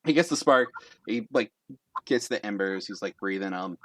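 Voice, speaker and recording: A man's voice: lowish voice, lively intonation, normal speed, a bit bright, no room sound, clean studio sound. A young man narrating a tabletop game as game master, in a casual, rambling way full of fillers.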